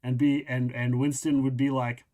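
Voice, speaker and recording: A male game master narrates a tabletop game at a mid pitch. He talks in a halting, casual way, restarting sentences and hunting for the right word. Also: flat delivery, dark tone, muffled recording. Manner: halting, many restarts, searches for words.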